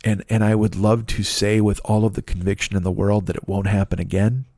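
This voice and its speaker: A man's voice: lowish voice, little pitch movement, a little fast, warm tone, dry recording. Rambling man with a dry close voice. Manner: rambling, self-critical, many restarts. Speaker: podcast host. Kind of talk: casual solo monologue.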